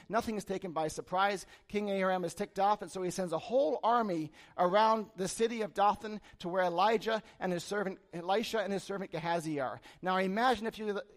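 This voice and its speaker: High-voiced man preaching a casual sermon. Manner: reads scripture then retells it in casual modern words; acts out the frightened servant with sudden animated bursts.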